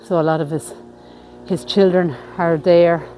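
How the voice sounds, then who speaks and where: A woman vlogger giving an unhurried walking-tour commentary outdoors in a graveyard, reading out headstone inscriptions as she goes. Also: fairly low pitch, fairly even intonation, warm tone, a little hiss or hum.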